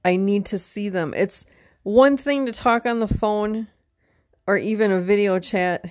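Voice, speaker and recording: In an echo-free recording, a middle-aged podcast host speaks unhurriedly in a medium-pitched, slightly mellow voice. Her casual monologue is heartfelt and frank, laced with swearing and emotional openness, and at moments she openly cries.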